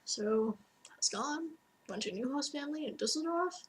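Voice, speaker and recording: A woman's voice: sits high, brisk, low-quality recording. A young woman in her late teens, an exchange student, ranting to her webcam in casual talk, full of "like" and acted-out quotes. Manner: animated storytelling, frequent "like" and acted-out quotes. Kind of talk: casual ranting monologue to camera.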